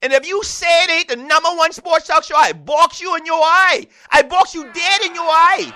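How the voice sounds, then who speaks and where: A man putting on a thick Geechee accent to play a boastful lowcountry man who threatens anyone who doubts him. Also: normal speed, full character voice. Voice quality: loud, high and emphatic.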